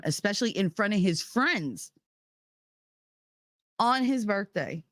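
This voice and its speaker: Middle-aged woman, low voice, dry close sound, heated, swears a lot, casual stream chat from home. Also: no echo. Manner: heated, profane storytelling. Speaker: live streamer.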